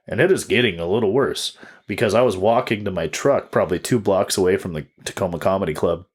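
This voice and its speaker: A man's voice: low voice, fast talker, breathy edge. A man in his twenties, a comedian and podcast co-host, telling a story in casual chat, swearing freely and acting out quotes. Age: 20s.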